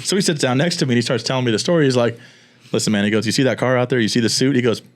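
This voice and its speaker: A man from Florida hosting a casual podcast, telling stories quickly with frequent laughs. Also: medium pitch. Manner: fast, laughing storyteller. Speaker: podcast host.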